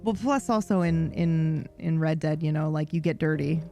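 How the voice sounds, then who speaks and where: A woman's voice: low-pitched, moderate pace, dark tone, soft background music. A woman livestreamer in casual chat, rambling and swearing freely with a self-deprecating streak.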